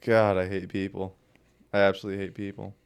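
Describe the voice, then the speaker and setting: Chatty man telling an animated story. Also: low voice, quick pace, noisy background. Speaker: podcast co-host. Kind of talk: casual chat.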